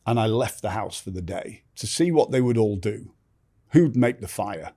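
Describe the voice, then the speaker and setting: A man's voice: on the low side, lively intonation, normal speed, dark tone. A middle-aged man, a podcast guest, telling stories in conversation and acting out other people's lines. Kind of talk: storytelling in conversation.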